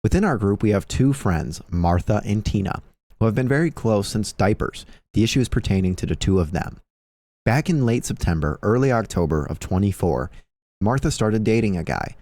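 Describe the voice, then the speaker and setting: A man's voice: on the low side, moderate pace, dry recording. A young man hosting a live stream, chatting casually and reading forum posts aloud, with plenty of swearing. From Filipino heritage. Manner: animated storyteller, swears a lot, acts out quotes loudly. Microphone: close streaming mic.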